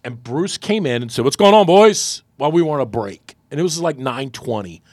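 A man's voice: brisk, slightly rough, no echo, clean studio sound. A man, a radio host, telling a story in casual chat and acting out the quotes. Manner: animated storyteller, acts out quotes with big pitch jumps.

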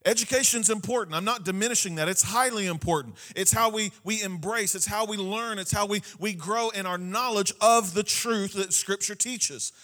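High-voiced man preaching a sermon. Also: moderate pace, hardly any pauses, pushed and bright. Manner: preaching with repeated phrases and frequent "Amen?" to the congregation. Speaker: pastor.

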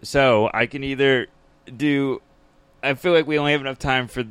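A man's voice: mid-range voice, steady tone, moderate pace, fairly bright tone, clean tone, no room sound. Podcast guy rambling through a story, laughs a lot, dead dry mic. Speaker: podcast co-host. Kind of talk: casual chat. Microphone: close podcast mic.

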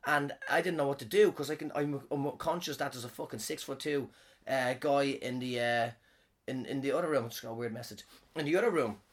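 Speaking briskly at a medium pitch, a man who does comedy and hosts a podcast rambles through a casual anecdote, swearing constantly and repeatedly trailing off and picking back up.

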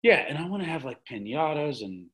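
A man with a fairly high voice talks in a loose, rambling way as a podcast guest. He is frank and throws in the odd curse word while he chats over drinks. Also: sing-song, a little fast, a bit bright, poor audio. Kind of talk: casual chat.

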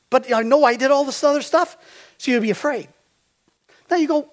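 A man's voice: very high-pitched, fairly quick. An older man preaching a sermon as a pastor. He tells stories and quizzes the congregation with fill-in-the-blank questions.

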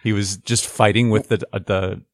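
A man's voice: lowish voice, steady tone, moderate pace, no room sound. A man in a casual political chat, explaining with stammering restarts.

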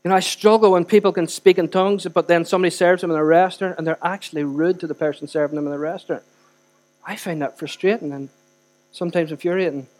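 A middle-aged man preaching a sermon as pastor, earnest and emphatic, swinging between loud and soft. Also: a little high, steady tone, fast talker.

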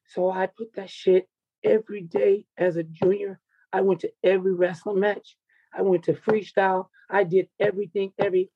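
A man's voice: sits high, dry recording, highs cut off. A man who coaches wrestling tells a raw personal story in an interview, intense, confessional and full of swearing.

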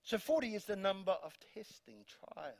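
A man's voice: high-pitched, lively intonation, normal speed, vocal fry. A man with a New Zealand accent preaching a sermon in church, emphatic, repeating words and reading scripture aloud. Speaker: pastor. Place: church hall.

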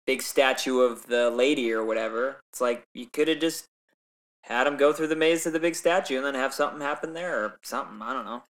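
A man joins a casual podcast conversation about a movie, his voice smooth and clean. He speaks in a laid-back way, letting his thoughts trail off as he goes. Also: mid-range voice, a little fast, a bit bright. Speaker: podcast co-host.

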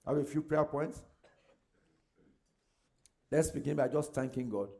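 A man's voice: on the high side, a little slow, gravelly, mellow. A male pastor leading his congregation in fervent prayer, calling out prayer points for them to repeat and breaking into speaking in tongues.

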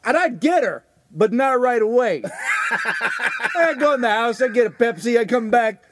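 A man's voice: extremely high pitch, expressive, moderate pace, heavy background noise. A man co-hosting a comedy podcast, riffing in improvised bits as a pushy dad. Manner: playing a gruff pushy dad in a bit. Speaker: podcast co-host.

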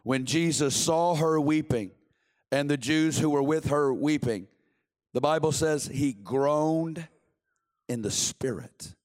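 Fervent high-voiced male preacher. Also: takes it slowly, darkish tone. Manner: fervent, repeats phrases for emphasis. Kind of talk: sermon. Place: church sanctuary.

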